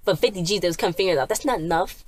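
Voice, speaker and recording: Speaking very fast over slight background noise, this low-voiced TV episode reviewer casually recaps an episode. Her delivery is rambling and full of fillers and restarts, and she performs the characters' dialogue along the way.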